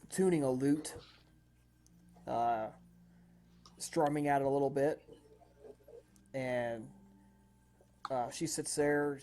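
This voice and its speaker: A man serves as game master, describing scenes for his players in a loose, rambling way. His voice is mellow and dark in tone, with frequent fillers and restarts. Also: mid-range voice. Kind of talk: narrating a tabletop game.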